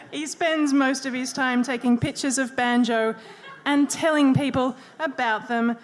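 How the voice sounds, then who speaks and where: A woman hosting a live comedy debate, introducing guests with playful teasing. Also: sits high. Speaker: host.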